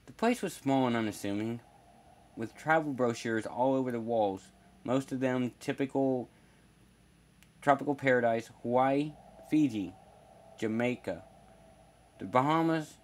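A man's voice: medium pitch, a little slow, pauses often. A man narrating a first-person horror story in a plain, wry storytelling manner.

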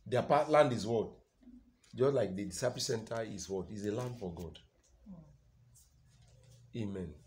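A man with a Nigerian accent preaching a sermon, loud and emphatic, often asking the congregation call-and-response questions. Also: fairly low pitch, measured pace, pauses often.

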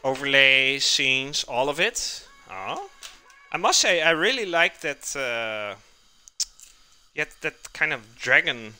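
Bright, lively man cooking on stream. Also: medium pitch, slow pace, faint music behind. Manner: chatty, reads and answers viewer chat while cooking. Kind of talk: casual live-stream chat. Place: home kitchen.

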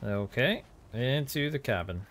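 A man's voice: mid-range voice, lively intonation, measured pace, fairly bright tone, a little hiss or hum. A man hosting a gaming video, chatting and joking as casual gameplay commentary.

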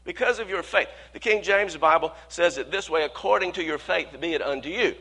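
A male pastor preaching a sermon in a conversational way, often repeating words, speeding up for quoted worries and slowing to stress key points. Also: a little high, pushed and bright, slightly rough.

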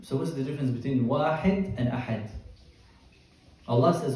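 A male teacher leads a Quran tafsir lesson. He explains each word step by step and keeps quizzing his class. His mellow voice is picked up from across a strongly echoing room. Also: mid-range voice, a little fast, distant mic. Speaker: Islamic teacher. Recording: echoey room, voice from afar.

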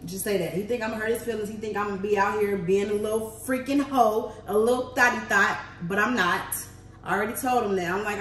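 Venting about her day, a woman chats candidly with her vlog viewers in a brisk, mid-range voice that's a bit bright. The mic sits at a distance in an echoey room.

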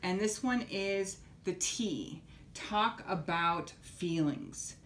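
A woman teaching young children, gently coaxing them to repeat simple phrases after her. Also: fairly low pitch, drawn-out words, a little hiss or hum. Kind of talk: children's lesson.

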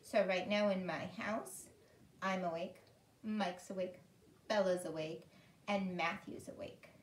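A woman teaching small children in a gentle, sing-song way during an online preschool lesson, talking at home. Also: lowish voice, fairly even intonation, unhurried. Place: room at home. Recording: echoey room, distant mic, faint hiss.

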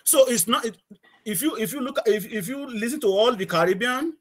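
A man's voice: extremely high pitch, lively intonation, fairly quick, a loud crowd. A middle-aged man from Nigeria, a guest chatting casually in an interview, rambling, repeating words and laughing often.

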